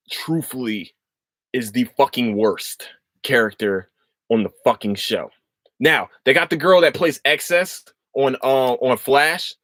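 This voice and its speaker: A man's voice: medium pitch, no room sound. A man hosting a podcast, chatting casually and rambling, swearing often and restarting his sentences. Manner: animated, profane, rambling with restarts. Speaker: podcast host.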